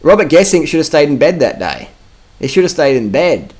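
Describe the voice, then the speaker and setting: A man's voice: a little high, big pitch swings, brisk, a little mellow. An Australian man vlogging about cycling, giving casual commentary over a video in a brash, profane, emphatic way. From Adelaide, South Australia.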